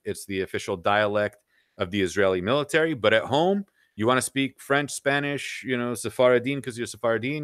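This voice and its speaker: A man's voice: mid-range voice, a bit bright, dry recording, studio quality. A middle-aged man talking bluntly and at length as a podcast guest, peppering his points with "you know". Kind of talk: casual opinionated chat.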